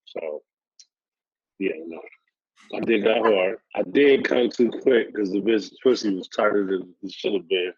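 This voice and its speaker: A laid-back man with a fairly low voice tells stories in blunt street slang and acts out the lines of the people in them. The audio is dry and a little muffled. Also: a little slow, breathy edge, no room sound. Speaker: podcast guest. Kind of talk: casual storytelling interview.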